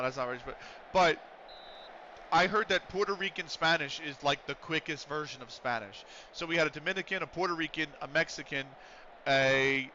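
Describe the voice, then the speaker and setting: A man's voice: a little high, bright, forceful tone, lo-fi sound, a little hiss or hum. A man chatting casually and at length while streaming a game, rambling with a loose, swearing manner. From United States.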